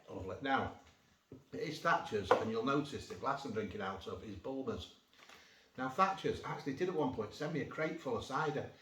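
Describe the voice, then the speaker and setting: This food vlogger has a mid-range, slightly bright voice as he chats his way through a cheese tasting, wandering off into jokes. A phone without an external mic picks him up from a distance, giving a roomy sound with a little background noise.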